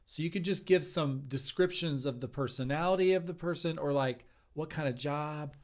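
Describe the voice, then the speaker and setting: A man's voice: a little high, moderate pace. A man hosting a live comedy stream, casually explaining an improv character game. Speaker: show host and performer.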